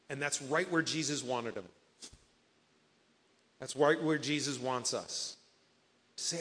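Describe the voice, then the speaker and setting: A man's voice: mid-range voice, slow, pauses often, a bit bright. Man preaching in a reverberant hall. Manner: earnest preaching, quoting scripture and voicing imagined speakers. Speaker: pastor. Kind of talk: sermon.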